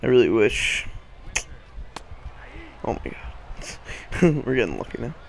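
Young man, hoarse, gravelly, rambling game commentary, faint background hum. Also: medium pitch, sing-song, unhurried. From Boston area. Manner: rambling, swears, frequent "like" fillers. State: hoarse morning voice. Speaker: gaming channel host. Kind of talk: casual gameplay commentary.

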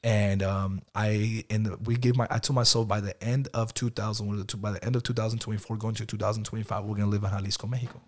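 A man in his thirties speaking as a guest in a casual interview, relaxed and conversational, often calling the host "bro". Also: lowish voice, fast, few pauses. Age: 30s. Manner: casual, peppers talk with "bro". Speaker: guest entrepreneur.

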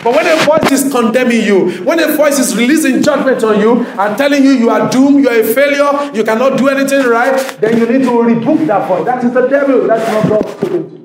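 A male pastor preaching a sermon in church, emphatic, often asking the congregation if they are listening and rising to shouts. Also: very high-pitched, brisk, few pauses, roomy sound, noisy background.

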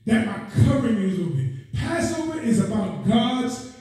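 A man preaches in an impassioned, repetitive cadence, crying out "oh God" between lines and climbing to shouted peaks. His voice sits very high for a man. The sound is picked up from far off and rings with heavy church echo. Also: big pitch swings, normal speed. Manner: exclaims "oh God" between phrases. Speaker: guest preacher. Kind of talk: sermon. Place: church sanctuary.

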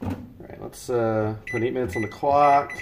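A man's voice: medium pitch, fairly even intonation, moderate pace, noisy background. Chatty American man on a live stream. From United States. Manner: chatty, greets viewers by name with a lifted voice. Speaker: live-streaming cooking host. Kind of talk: casual live-stream chat.

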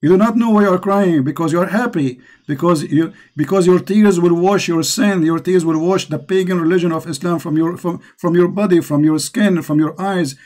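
A man's voice: high-pitched, fairly quick, hardly any pauses, a little mellow. A man with an Arabic accent, hosting a call-in religious show and preaching with passion. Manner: impassioned, preaching. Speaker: host.

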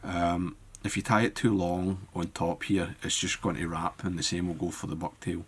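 A man giving a relaxed step-by-step fly-tying tutorial, thinking aloud as he works. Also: sits low, normal speed, breathy edge.

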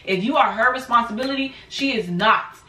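Woman in her 20s, bright high voice, lively storytime vlogger, echoey room with the mic set back. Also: fairly quick, distant mic. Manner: animated, acts out quotes in high bursts. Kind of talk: casual storytime.

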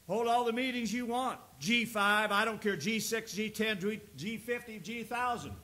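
A man's voice: sits high, moderate pace, pushed and bright. A male pastor preaching a sermon, reading scripture aloud and building emphasis. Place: church sanctuary. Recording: echoey church room with faint noise.

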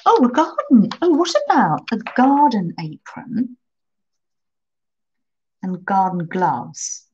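A woman hosting a live crafting stream, chatting warmly with viewers and answering their comments as she works. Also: medium pitch, lo-fi sound. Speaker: crafting channel host.

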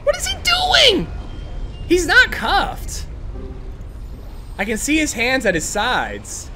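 A man giving gameplay commentary, excitable and ranting with frequent swearing. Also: very high voice, slow, over music. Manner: excitable, swears freely, rants in frustration. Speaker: gaming video creator.

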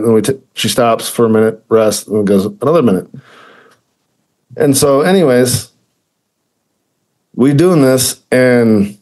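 A man's voice: medium pitch, a little mellow. A man co-hosting a podcast, chatting casually in a mid-range voice. He rambles, circling back on himself with many fillers and restarts. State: choked up with emotion. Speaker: podcast co-host. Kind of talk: casual chat.

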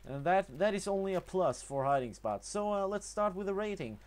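A young man with a Norwegian accent talking over gameplay in a casual tutorial, halting often with fillers and restarts. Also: sits high, expressive, a little hiss or hum. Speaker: gaming tutorial narrator.

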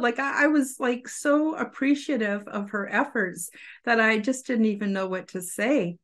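A woman's voice: a little high, moderate pace. Effusive woman telling a personal story. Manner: rambling, effusive, many fillers. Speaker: podcast host.

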